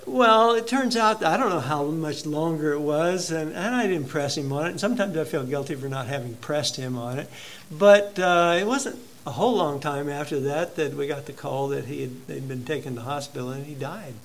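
A male pastor preaching a sermon in a conversational, halting way, telling a personal story to his congregation. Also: on the high side.

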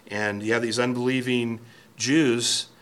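Pastor guy giving a sermon, earnest and emphatic, keeps repeating words, bright clear tone, mid pitch. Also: flat delivery, measured pace. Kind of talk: expository sermon. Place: church sanctuary, at a pulpit.

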